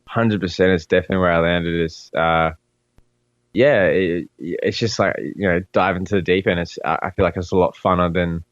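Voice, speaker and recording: A man's voice: low voice, normal speed, no room sound, lo-fi sound. A young man in his twenties, a musician guest, chatting easily and saying "like" a lot. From Australia. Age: 20s. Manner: relaxed, lots of "like", easygoing. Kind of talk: casual interview chat.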